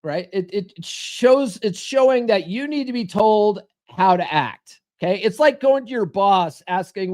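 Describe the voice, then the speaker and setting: A blunt male host on a live-stream advice show, with a high-pitched voice. He coaches his listeners directly and slips into quick impressions of the people he quotes. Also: expressive, a little mellow. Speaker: podcast host.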